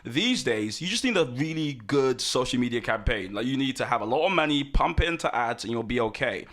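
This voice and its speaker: A man hosting a podcast in casual chat, lively and talkative, jumping between loud excitement and quiet asides. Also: mid-range voice, fairly quick. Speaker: podcast host.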